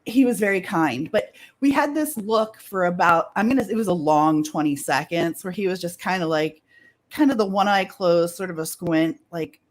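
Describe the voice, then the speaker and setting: A woman co-hosting a casual chat, telling a story with lively acted-out dialogue and frequent laughter. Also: lowish voice, normal speed. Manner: animated storyteller who acts out dialogue and laughs often. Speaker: podcast co-host telling a story.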